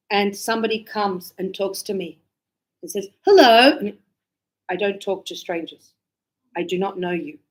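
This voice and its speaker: A woman English teacher explaining casually to her class and acting out little quoted exchanges. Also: mid-range voice. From Australia. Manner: animated, acts out short quoted exchanges.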